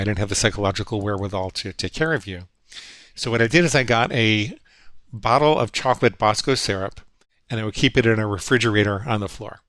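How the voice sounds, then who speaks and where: Telling his story as a guest, a middle-aged psychologist speaks in an earnest, reflective way and quotes his own inner voices. His voice is on the low side with a fairly bright tone, and the recording is dry.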